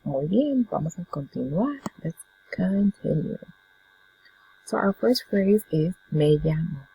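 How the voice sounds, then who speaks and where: Woman, patient language teacher, dark mellow tone, unhurried drilling delivery. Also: deep voice, animated, creaky, husky, poor audio. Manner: patient, drills words for students to repeat. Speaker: Spanish teacher. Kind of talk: classroom language lesson.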